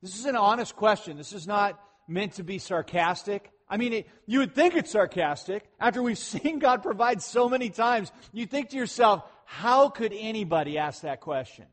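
A man preaching a sermon in a conversational way, swinging between loud emphatic lines and quiet asides. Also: high-pitched, lively intonation, normal speed, few pauses. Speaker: pastor.

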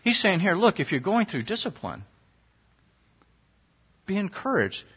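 A man's voice: high-pitched, big pitch swings, unhurried, slightly rough. A middle-aged man preaching a sermon, earnest and conversational, sometimes rising sharply for emphasis. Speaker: pastor. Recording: dull lo-fi recording.

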